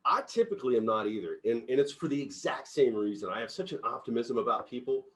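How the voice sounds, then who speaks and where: Animated, laughing middle-aged man. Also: mid-range voice, quick pace. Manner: animated storyteller, laughs often, acts out quotes loudly. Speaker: company CEO leading a book discussion. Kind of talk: casual group book discussion.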